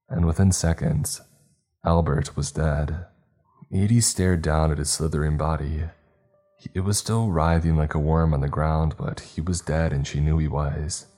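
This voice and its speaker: Very deep-voiced male storyteller. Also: dark tone. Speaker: narrator. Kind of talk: storybook narration. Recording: faint background music.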